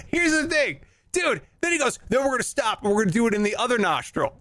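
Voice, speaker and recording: A man hosting a casual chat show, telling an animated story with lots of laughter and acted-out voices. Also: extremely high pitch, no room sound, clean studio sound. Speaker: podcast host.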